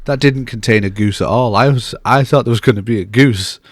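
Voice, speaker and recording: A man's voice: medium pitch, brisk, no room sound. Guy teasing his cohost, mid voice, dead dry mic. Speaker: podcast co-host. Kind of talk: casual chat.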